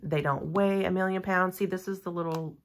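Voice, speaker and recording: Speaking briskly in a fairly low, steady-toned voice, this woman is a nail content creator reviewing a product. Her casual unboxing of nail gear is chatty and gushing, full of rambling asides.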